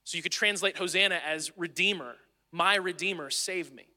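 A man with a high, bright, forceful voice preaches a sermon at a normal pace. He's earnest and conversational, sometimes restarting his phrases, and the recording carries long hall reverb.

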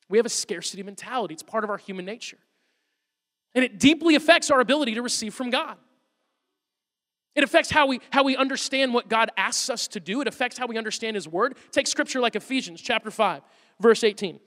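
A man in his thirties, a pastor preaching a sermon, telling a funny, animated story about his son. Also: extremely high pitch, fairly quick. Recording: long hall reverb.

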